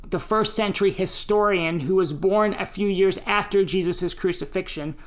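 An American woman preacher gives a sermon on scripture and history, teaching in a slow, deliberate, unhurried way. Her voice is mid-pitched, and she delivers quotations with emphasis.

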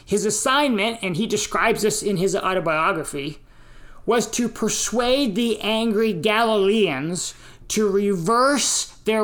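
An American woman preaching a sermon, teaching slowly and deliberately and giving emphasis to the quotes she reads out. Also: mid-range voice. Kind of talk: sermon on scripture and history.

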